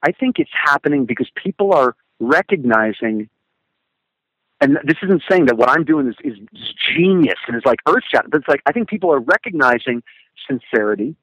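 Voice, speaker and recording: A man speaking as a podcast guest and motivational speaker, telling stories with animated, emphatic repetitions. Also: medium pitch, brisk, breathy edge, no echo, highs cut off. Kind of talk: casual conversation.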